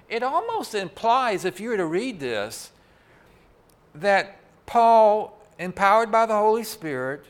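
A man with a somewhat raised pitch delivers a Sunday sermon into a microphone in a church sanctuary. His preaching is folksy and conversational. He often turns aside to talk straight to the congregation. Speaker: pastor.

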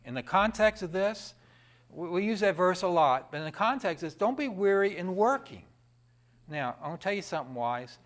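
A man preaching a sermon in a lively, conversational way, with asides to the congregation. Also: sits high, normal speed.

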